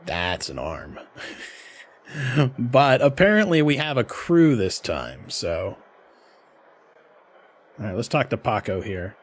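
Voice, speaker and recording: A man's voice: fairly low pitch, wildly swooping pitch, slow, long pauses. A man streaming a role-playing game, reading its text aloud and chatting wryly. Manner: wry, casual, reads game text aloud. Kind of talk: let's play narration with character voices.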